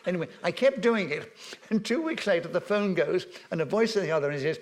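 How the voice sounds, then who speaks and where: An older man, a veteran broadcaster appearing as a guest, tells stories before an audience on a festival stage. His high voice is brisk with lively intonation, and he rambles with many ums and restarts, chuckling at his own anecdotes.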